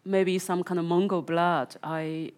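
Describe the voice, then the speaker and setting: A Chinese-born woman, an author and filmmaker whose first language is Chinese, speaks in a lowish, level, darkish voice at an unhurried pace. In an interview she restarts often and says "you know" a lot, and also reads aloud from her memoir.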